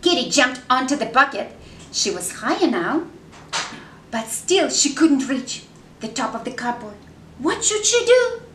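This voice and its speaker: A woman reads a picture book aloud to children, her high voice slow and unhurried. Her delivery is animated and sing-song, and she pauses to ask her listeners questions. The recording sits in an echoey room with a faint hum of background noise. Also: distant mic. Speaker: children's story reader.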